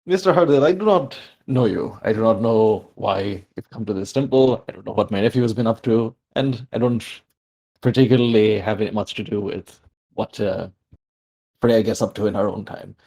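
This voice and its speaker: A man's voice: lowish voice, normal speed, a little mellow. A man voicing a blunt, impatient male temple elder and uncle.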